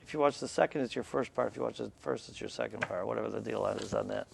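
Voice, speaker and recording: A man's voice: lowish voice, fast, vocal fry, slight background noise. A male show host asking rambling, joking questions in a casual interview chat.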